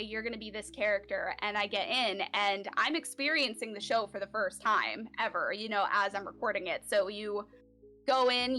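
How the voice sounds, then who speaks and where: A woman from Central Florida talks casually as a voice actor guest on an interview show. Her voice is bright and clear at a middle pitch. She rambles in a chatty way, full of "like" and "um" fillers. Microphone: home recording setup.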